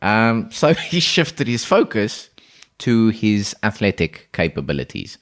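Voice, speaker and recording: Lively low-voiced man storytelling. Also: unhurried. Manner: rambling, restarts, frequent laughter. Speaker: podcast co-host telling a story. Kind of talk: casual improvised storytelling.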